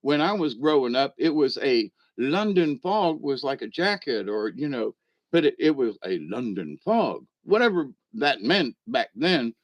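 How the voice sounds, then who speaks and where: A man's voice: mid-range voice, big pitch swings, unhurried, dry recording, dull audio. A middle-aged man, giving a rambling, irreverent comedic monologue and chuckling at his own jokes. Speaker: vlog host.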